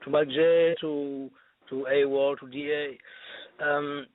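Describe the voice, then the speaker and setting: A man from France, calling in to ask a question in halting English, searching for words. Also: on the high side, level tone. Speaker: caller. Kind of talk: phone-in question. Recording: tinny phone line on radio.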